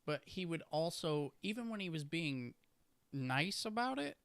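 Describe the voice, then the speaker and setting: A man co-hosting a casual podcast, chiming in with quick asides. His voice sits fairly high and has a gravelly fry. The room sound is dry. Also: very animated, a bit bright, no echo. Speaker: podcast co-host. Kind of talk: casual chat.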